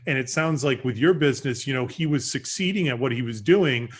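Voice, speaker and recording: A man's voice: mid-range voice, a little fast, husky. A man hosting a casual interview, talking in an enthusiastic, rambling way with lots of restarts. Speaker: podcast host.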